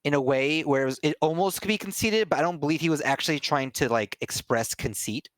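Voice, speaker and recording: A man's voice: on the high side, a little fast, fairly bright tone, dry recording. A man streaming, telling a funny story in casual chat, laughing and restarting often.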